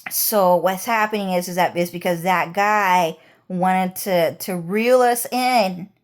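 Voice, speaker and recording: A woman's voice: lowish voice, slow. A woman vlogger talking in a rambling, heated monologue, swearing often.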